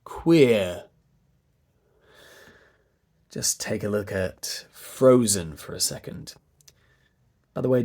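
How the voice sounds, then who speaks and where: A man with a Received Pronunciation accent coaching pronunciation, repeating words and sounds slowly, now and then whispering them. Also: on the low side, darkish tone. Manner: drawn-out demonstration sounds, repeating words and phonemes, with whispered bits. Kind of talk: slow, deliberate pronunciation lesson.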